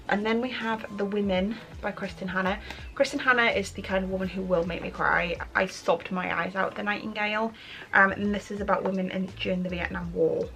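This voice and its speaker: A woman's voice: medium pitch, vocal fry, fairly bright tone, low-quality recording. A young woman chatting casually in a reading vlog, thinking aloud with many ums. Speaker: book vlogger.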